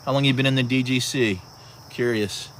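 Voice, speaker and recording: A man's voice: mid-range voice, steady tone, a little fast, fairly bright tone, a little hiss or hum. A man in his early sixties hosting a casual livestream outdoors, chatting with viewers and greeting them by name, with frequent restarts. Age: 60s. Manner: talkative, restarts, addresses viewers by handle. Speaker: livestream host. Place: outdoors at sunset.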